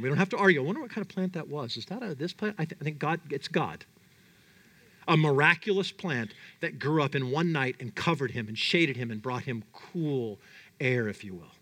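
A man preaching a conversational, animated sermon and often putting questions to his audience. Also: fairly high pitch, normal speed. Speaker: pastor.

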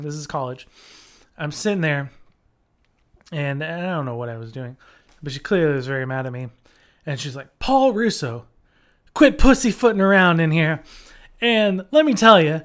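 A young man tells a story on his podcast in a smooth, clear voice. He rambles, fills gaps with ums and likes, and grows animated as the story goes on. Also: on the high side. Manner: rambling, animated, full of fillers. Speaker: podcast host. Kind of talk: casual storytelling.

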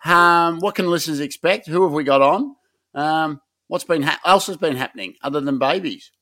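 A man's voice: a little high, moderate pace, sharp tone. An Australian man hosting a casual podcast, upbeat and teasing in his banter. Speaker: podcast host. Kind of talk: casual chat.

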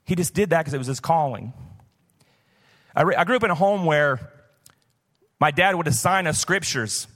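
A man's voice: fairly high pitch, fairly bright tone. A man in his fifties, a pastor from the southern United States, preaching live in a church in a conversational, storytelling way. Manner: conversational, personal storytelling with many "like" fillers. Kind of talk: sermon. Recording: live church hall reverb.

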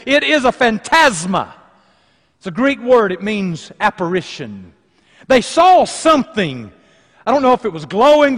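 Man, pastor, sermon, high voice, loud then hushed delivery, long hall reverb. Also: creaky. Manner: dynamic preaching, swinging between loud emphasis and hushed lines. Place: church sanctuary.

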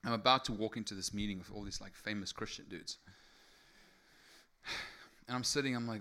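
A man's voice: fairly low pitch, fairly quick, long pauses. A man preaching a sermon. He talks casually at first, then builds to fervent, raised delivery. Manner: conversational, builds to fervent shouting.

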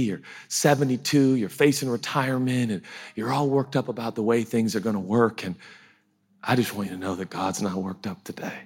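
A man's voice: fairly low pitch, husky. A man preaching a sermon in an emotional, conversational way, often laughing as he talks.

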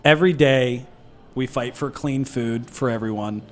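A man co-founding a food nonprofit, talking in an animated, swearing, storytelling way in a casual podcast interview. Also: mid-range voice, normal speed, slight background noise.

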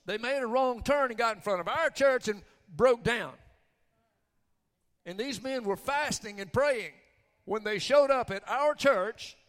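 Animated pastor in a reverberant hall. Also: male voice, very high voice, unhurried. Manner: animated testimony, swings from loud to hushed. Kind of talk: sermon storytelling.

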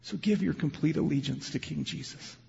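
Preaching man with a gravelly voice. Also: a little high, a little fast, a little hiss or hum. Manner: impassioned preaching, shifting from loud emphasis to quiet storytelling. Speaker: pastor. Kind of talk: sermon. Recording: lo-fi sound with long hall reverb.

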